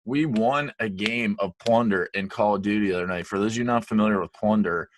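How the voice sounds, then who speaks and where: A man co-hosting a casual podcast, telling animated stories with frequent laughs and swearing freely. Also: lowish voice, brisk, dry recording. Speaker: podcast co-host. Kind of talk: casual chat.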